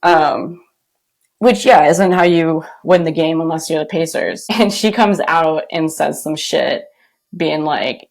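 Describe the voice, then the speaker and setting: A woman hosting a podcast, talking in an easy, casual way with lots of animation. Her voice sits a little low for a woman, and she laughs often as she goes. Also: takes it slowly. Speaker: podcast host. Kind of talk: casual chat.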